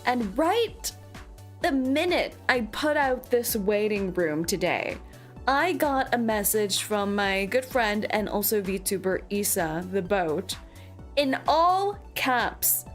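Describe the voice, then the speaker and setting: A woman's voice: mid-range voice, very animated, slow, soft background music. A woman VTuber chatting playfully with her stream audience, full of mock outrage and laughter. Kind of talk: casual livestream chat.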